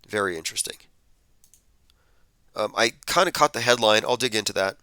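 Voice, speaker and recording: Man, skeptical commentary host, low pitch, bright tone, dry sound. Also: moderate pace, smooth, no echo. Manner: skeptical, conversational, thinks aloud with fillers. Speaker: podcast host. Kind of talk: casual commentary reading tweets and headlines.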